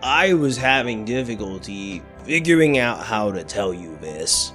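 A man's voice: fairly low pitch, very animated, measured pace, a bit bright, faint music behind. A man voicing a sheepish male adventurer who hesitates over his words, in a tabletop game.

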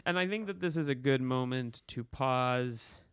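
A man co-hosting a podcast, talking about a film in casual, excited banter. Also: medium pitch, smooth, dry recording, studio quality. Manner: excited, joking, quick banter. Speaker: podcast co-host.

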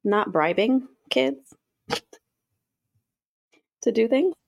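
A woman co-hosting a podcast, chatting casually in a relaxed, rambling way and laughing often. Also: fairly high pitch, extremely slow, vocal fry. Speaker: podcast co-host. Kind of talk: casual chat.

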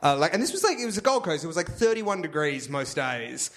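A man's voice: on the high side, very animated, fast talker, a bit bright. A man co-hosting a live comedy podcast on a theatre stage, telling a rambling story full of "like" and laughing at his own tale. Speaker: podcast co-host.

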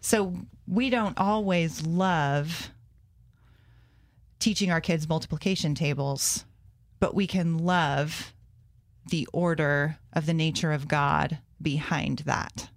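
A woman's voice: low-pitched, takes it slowly, no room sound, clean studio sound. A woman, a homeschool mom and classroom teacher, talking earnestly in a casual conversation and thinking aloud as she goes.

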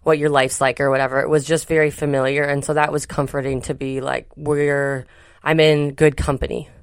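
A woman's voice: low-pitched, flat delivery, a little fast, clear, resonant tone, no room sound, clean studio sound. A woman co-hosting a podcast, telling a travel story in a chatty, rambling way with many fillers. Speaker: podcast co-host. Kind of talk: casual chat.

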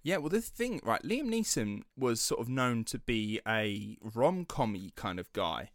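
A man's voice: mid-range voice, sing-song, a little slow, no echo, clean studio sound. A man hosting a podcast, chatting casually and reading a prepared story. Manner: chatty, tangent-prone, laughs easily. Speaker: podcast host.

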